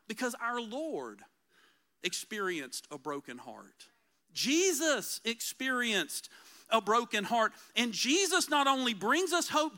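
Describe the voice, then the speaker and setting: A man preaching a conversational sermon as pastor, earnest and emphatic, slowing down to repeat key phrases. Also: high voice, sharp tone.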